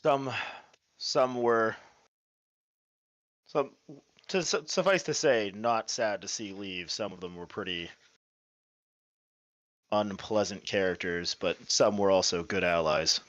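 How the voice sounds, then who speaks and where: A man's voice: fairly low pitch, takes it slowly, long pauses, fairly bright tone, dry recording, highs cut off. A man playing a tabletop game, hesitant and restarting his sentences. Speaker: player. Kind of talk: tabletop role-play.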